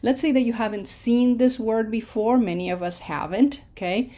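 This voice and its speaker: A woman teaching an online pronunciation lesson, patient and reassuring, slowing down to sound out words syllable by syllable. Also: on the high side, dark tone. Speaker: language teacher.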